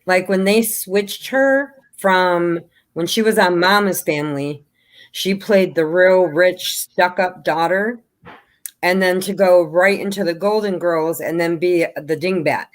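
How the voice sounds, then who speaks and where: A woman's voice: lowish voice, unhurried. A chatty woman guest on a call. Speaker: guest crochet creator. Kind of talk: casual live chat.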